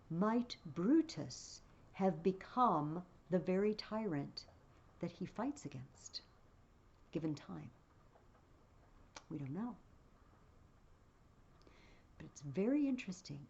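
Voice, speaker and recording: Woman teacher reading a play aloud and explaining it in a relaxed way, creaky voice, muffled recording. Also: lowish voice, slow pace, long pauses. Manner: reads the lines aloud with feeling, then explains them casually.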